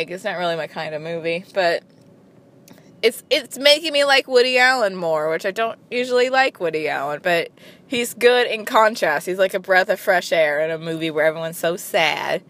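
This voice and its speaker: A woman's voice: on the low side, lively intonation, brisk, fairly bright tone. Chatty woman, full of "like"s. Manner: chatty, peppered with "like", frequent restarts. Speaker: vlogger. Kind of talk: casual chat.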